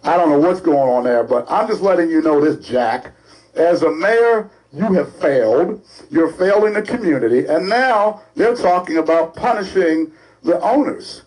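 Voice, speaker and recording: A male co-host from ranting in an animated, scolding, sarcastic way on a talk show. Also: a little high, normal speed, low-quality recording. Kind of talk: opinionated talk-show rant.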